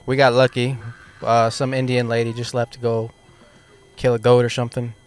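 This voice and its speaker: A man's voice: medium pitch, completely flat delivery, moderate pace, clean tone. A man hosting a casual live podcast outdoors in a venue line, joking and chatting into a handheld mic. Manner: joking, chatty running commentary. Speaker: podcast host.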